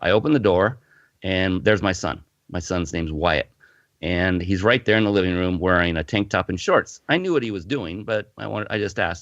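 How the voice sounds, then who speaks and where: A man's voice: low voice, moderate pace, no echo. A man, a podcast guest, animatedly telling a personal story in a casual interview. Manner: animated storyteller, frequent restarts. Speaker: podcast guest, fitness company founder. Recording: muffled lo-fi audio, dry.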